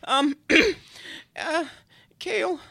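A man's voice: very high-pitched, drawn-out words, gravelly, sharp tone, no room sound, voice pushed up, heavily acted. A man playing a teasing sidekick at a hell podcast studio, dry and giggly. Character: deadpan prankster demon button-pusher, mischievous. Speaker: comedy podcast co-host. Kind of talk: improvised comedy sketch.

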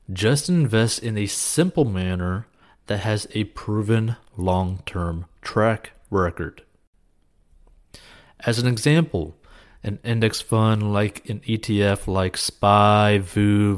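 A man with a fairly low voice talks through financial advice at an unhurried pace. His delivery is earnest and encouraging, loose and casual, dotted with "like" and "you know.". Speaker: personal finance advice host. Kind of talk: casual advice talk answering a viewer question.

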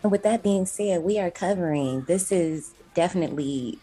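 A woman from the Midwest US hosting a podcast in casual chat, playful and slangy, quick to laugh. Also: lowish voice, mellow, breathy edge, soft background music. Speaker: podcast host.

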